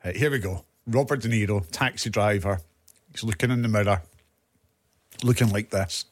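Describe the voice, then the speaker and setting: A Scottish man co-hosting a podcast, talking in a playful, animated way and laughing easily, recorded indoors in a studio office. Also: fairly low pitch, normal speed, slight background noise. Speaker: podcast co-host and radio presenter. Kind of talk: casual podcast chat.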